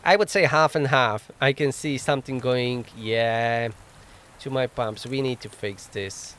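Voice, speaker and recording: A man's voice: mid-range voice, a little slow, a bit bright, slight background noise. A man hosting a casual let's play, thinking aloud as he plays, chuckling often and mocking himself wryly on a desk microphone. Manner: thinks aloud while playing. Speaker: gaming channel host.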